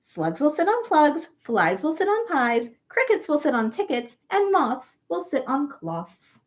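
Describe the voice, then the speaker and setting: A woman puts on a bossy little frog from a storybook who lays down new rules in rhyme. The delivery is emphatic and sing-song, pitched high with wide swings. It unfolds slowly. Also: big pitch swings.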